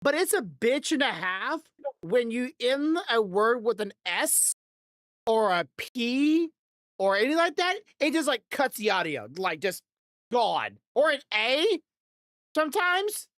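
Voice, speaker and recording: A woman's voice: on the high side, sing-song, measured pace, a bit bright, no room sound, studio quality. A woman hosting a podcast in loose, rambling casual chat, swearing freely and laughing often into a desk microphone. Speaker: podcast host.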